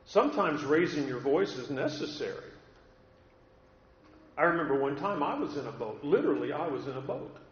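High-voiced preacher in an echoey hall. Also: male voice, animated, normal speed, muffled recording, a little hiss or hum. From California. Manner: earnest storytelling, emphatic repetition. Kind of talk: sermon.

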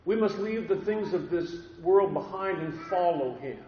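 A man with a fairly high voice delivers an earnest, deliberate sermon, often doubling back on his words. The recording is dull and muffled, with a long echo from a large church hall. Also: expressive. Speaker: pastor. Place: church sanctuary with a congregation.

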